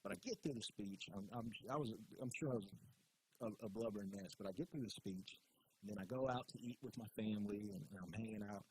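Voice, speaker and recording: Kentucky-raised man telling an animated story. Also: fairly low pitch, fast talker, slightly rough. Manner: lively, emotional storyteller who laughs often. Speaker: guest, police chief. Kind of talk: casual storytelling interview. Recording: noisy background hiss.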